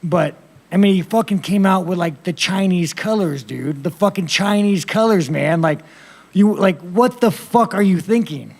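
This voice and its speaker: A man's voice: high-pitched, normal speed, vocal fry, a little mellow. A man fielding reporters' questions at a post-fight press conference, blunt and rambling, swearing constantly and laughing at himself.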